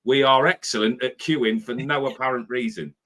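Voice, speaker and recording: Animated man in his fifties. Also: mid-range voice, normal speed. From Britain. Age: 50s. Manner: animated, acts out his own impatient inner voice. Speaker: spiritual life coach host. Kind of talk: motivational talk.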